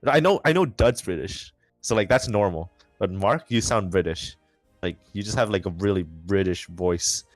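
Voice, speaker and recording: Low-voiced young man joking on stream. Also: moderate pace, no echo, faint music behind. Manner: rambling, joking, many fillers and restarts. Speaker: race commentator and post-race interviewer. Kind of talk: casual livestream commentary.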